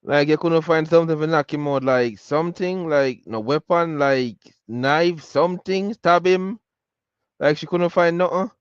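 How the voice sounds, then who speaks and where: A man's voice: fairly high pitch, unhurried, smooth, dry recording. A man hosting a podcast, reacting to a clip in casual commentary and filling his talk with "like". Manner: filler-heavy, keeps saying "like". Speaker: podcast host. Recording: dull lo-fi audio.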